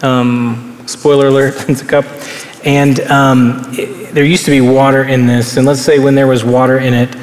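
A young adult pastor preaches a sermon on stage in a large hall, speaking in an earnest, conversational way and often repeating words for stress. His mid-range voice holds a level tone at normal speed. The roomy, reverberant hall adds faint ambience and slight background noise.

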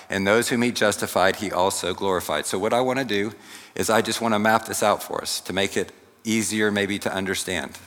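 A man preaching a sermon, teaching slowly and deliberately with asides to the congregation. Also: on the low side, a bit bright. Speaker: pastor. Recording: long hall reverb.

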